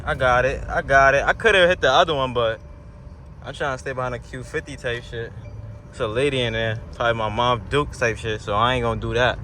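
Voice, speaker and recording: A man's voice: medium pitch, fairly quick. A young man giving casual, slang-heavy commentary to viewers while driving, recorded on a camera mounted in the car. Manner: slangy, talks straight to viewers, gets loud and excited when accelerating. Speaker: car vlogger. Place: inside a moving car. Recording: faint road noise in car.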